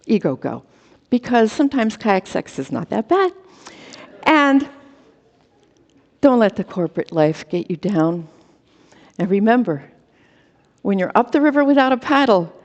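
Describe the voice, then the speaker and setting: A woman with a high-ish, darkish voice tells a funny true story in a storytelling contest over a video call, delivering short, punchy lines with dramatic timing. The audio is dull and lo-fi, with a long reverb.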